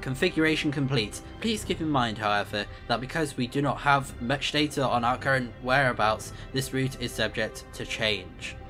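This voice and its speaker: A man's voice: mid-range voice, normal speed, hardly any pauses, sharp tone, faint music behind, natural voice. A man reading out the lines of a formal, dutiful male starship AI in a stiff, polite manner, with small stumbles. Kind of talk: reading game dialogue aloud.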